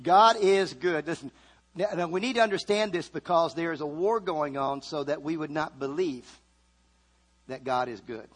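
High-voiced fervent male preacher. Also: normal speed. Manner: fervent, swings from loud calls to quiet asides. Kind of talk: sermon.

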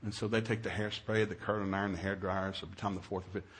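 A middle-aged man preaching a humorous sermon, telling stories with jokey, animated delivery and sudden loud exclamations. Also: low-pitched, fast talker, breathy edge.

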